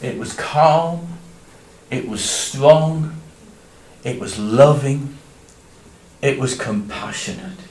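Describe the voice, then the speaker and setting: A man telling a Bible story in the first person in a church, dramatic, swinging from loud cries to hushed tones. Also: mid-range voice, animated, slow pace, pauses often. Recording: echoey church room, distant mic.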